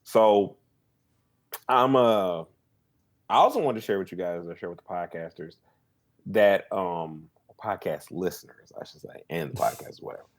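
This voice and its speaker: With a low voice, lively intonation, and moderate pace, this male podcast co-host rambles in casual conversation, full of fillers and restarts.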